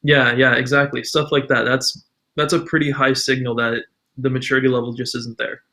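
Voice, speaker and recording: A man's voice: medium pitch, little pitch movement, fairly quick, pushed and bright. A man with a Canadian accent, a podcast guest giving earnest advice in casual conversation.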